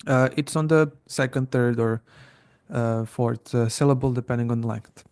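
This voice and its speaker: Male podcast co-host, gravelly voice, casual explainer. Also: medium pitch, steady tone, moderate pace, a little mellow. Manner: explains plainly, with fillers and restarts. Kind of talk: casual educational chat.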